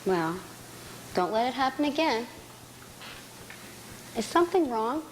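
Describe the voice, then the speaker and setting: A caring but firm mother, played by a woman on stage, scolding gently. Her fairly high voice has faint background noise behind it. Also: big pitch swings, a little slow.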